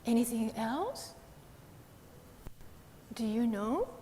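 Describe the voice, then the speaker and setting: A woman minister leads a playful children's sermon, coaxing answers with animated questions. She speaks slowly in a fairly high voice. Her voice echoes through a large hall over a faint hiss. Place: temple hall.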